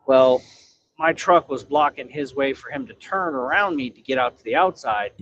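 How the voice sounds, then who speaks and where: A man's voice: mid-range voice, normal speed, a bit bright, muffled recording, a little hiss or hum. A man driving a truck and chatting casually on a livestream, profane, laughing and telling stories. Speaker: truck driver.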